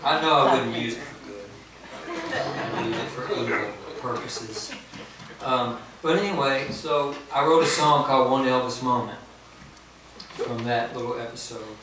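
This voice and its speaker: At a house concert, a man pauses between songs to tell a story at his own expense, laughing at his jokes as he goes. He has a mid-range voice, speaks at an ordinary pace, and the background is noisy. An acoustic guitar can be heard, and the room sounds echoey, as if miked from far off.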